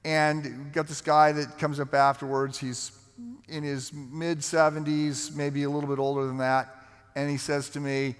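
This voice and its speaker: Guy pastor telling stories in a sermon, kinda high voice, lots of restarts, echoey church hall. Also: flat delivery, smooth. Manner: conversational storytelling, halting restarts. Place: large church sanctuary. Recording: long hall reverb.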